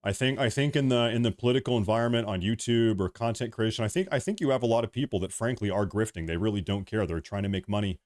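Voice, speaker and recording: A man's voice: lowish voice, quick pace, few pauses, a little mellow. A man in his thirties hosting a political livestream, heated and ranting, reading viewer messages between outbursts. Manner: heated, ranting, then apologetic. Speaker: livestream host.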